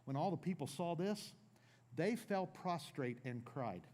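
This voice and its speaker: An older male pastor preaches to his congregation with a fairly high voice. His delivery is animated, rising into loud declarations and dropping into low asides. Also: unhurried. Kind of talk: sermon.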